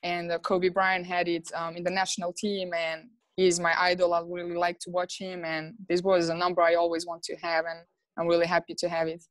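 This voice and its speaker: A woman's voice: on the low side, completely flat delivery, brisk, no echo. Young woman guest, dry close sound. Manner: friendly, loose, says "like" and "actually" a lot. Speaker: basketball player, guest. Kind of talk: casual podcast interview.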